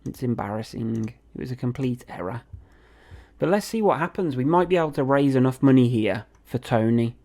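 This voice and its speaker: A young man talks through his game in a loose, chatty way. His voice is mellow and dark, pitched mid-range. He reacts aloud to each turn as he plays. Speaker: gaming video host. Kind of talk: casual game commentary.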